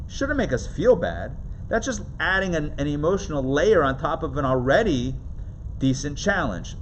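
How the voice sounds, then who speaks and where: A man teaching a live class as a rabbi, his voice fairly high for a man and swinging widely in pitch. He talks in a chatty, animated way, keeps checking in with his listeners and laughs easily. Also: a little hiss or hum. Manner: animated, chatty, asks the audience questions, laughs often.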